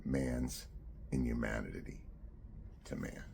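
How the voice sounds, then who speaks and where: An older man in his sixties speaks with a very low, gravelly voice. He tells a story from his own life in a reflective, halting way and often backs up to correct himself. A faint hiss sits under the recording. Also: mellow. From United States. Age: 60s. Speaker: author and storyteller. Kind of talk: recounting a personal memoir.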